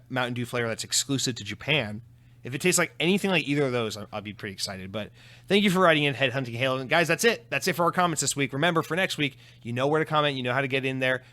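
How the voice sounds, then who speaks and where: A man with a slightly bright mid-range voice hosts a solo podcast and chats through listener comments. He's casual and profane, self-deprecating, rambling with many restarts and repeated words and swearing here and there.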